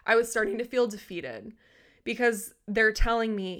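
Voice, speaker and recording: A young woman hosting a podcast, telling a personal story in a candid, animated way and swearing freely. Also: on the high side, normal speed. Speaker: podcast host. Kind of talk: casual storytelling monologue.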